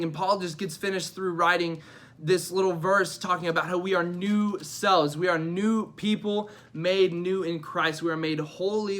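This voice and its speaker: Young male youth pastor, bright tense tone, high voice, lively and emphatic delivery. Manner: energetic, emphatic, repeats phrases. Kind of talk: youth devotional talk.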